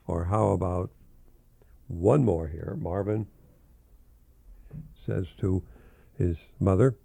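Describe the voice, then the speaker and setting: An older professor hosting a radio talk, reading children's jokes aloud in a rambling, fond way and chuckling often. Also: male voice, deep voice, slow, creaky, pauses often, warm tone, husky, no echo.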